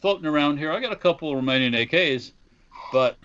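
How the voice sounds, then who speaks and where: Male co-host, rambling and dry-sarcastic, lively pitch; muffled remote line. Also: fast, clear, resonant tone. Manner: sarcastic, rambling, restarts phrases. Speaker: podcast co-host who works in a gun shop. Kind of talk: casual podcast chat.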